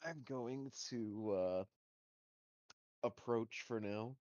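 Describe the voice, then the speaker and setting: Man player, deliberate and measured, dull dry remote mic. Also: medium pitch, darkish tone, dry recording. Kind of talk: casual tabletop play.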